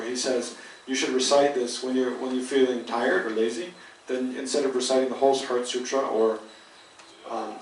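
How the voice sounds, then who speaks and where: A man leads a Buddhist study class in a patient, halting way and often restarts mid-sentence. He sounds set back from the mic. The room rings with a strong echo and a faint hiss. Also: medium pitch. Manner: patient, thinking aloud with frequent restarts. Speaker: Buddhist teacher. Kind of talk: dharma class lecture. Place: teaching hall. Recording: roomy hall, mic at a distance.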